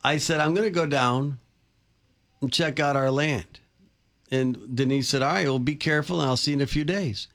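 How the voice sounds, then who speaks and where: A man's voice: mid-range voice, normal speed, a bit bright. A middle-aged man from the Chicago area, co-hosting a casual chat and telling rambling, self-deprecating anecdotes. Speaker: co-host.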